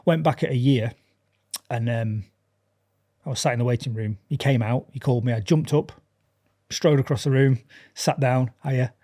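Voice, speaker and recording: A man's voice: mid-range voice, moderate pace, dark tone. A man chatting as a podcast guest, animatedly acting out dialogue and laughing often. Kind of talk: casual chat.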